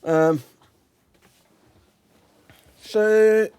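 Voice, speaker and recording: A man's voice: sits high, very slow, darkish tone, smooth, no room sound. Dutch man chatting on a live stream. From Netherlands. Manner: thinks aloud, chats with viewers, laughs often. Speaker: gameplay streamer. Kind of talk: casual live-stream commentary.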